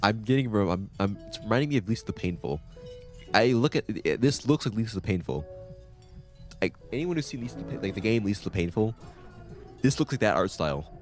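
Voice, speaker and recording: A male streamer giving chatty, animated commentary while playing a game, breaking into laughing rants. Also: lowish voice, brisk, soft background music. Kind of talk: let's-play commentary.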